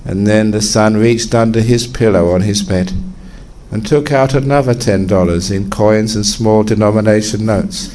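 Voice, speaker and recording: A man, a Buddhist teacher, giving a sermon and telling a parable as a relaxed storyteller whose pitch climbs as the story builds. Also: moderate pace, a little hiss or hum. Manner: relaxed storyteller with lively swings into higher pitch.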